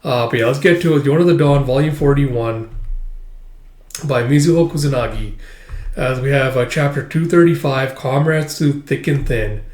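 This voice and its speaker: A man's voice: medium pitch, normal speed. A man hosting a channel, walking through manga pages panel by panel in a casual, rambling read-through. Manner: shouts out character lines in a raised voice. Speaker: manga reviewer and channel host. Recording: echoey room.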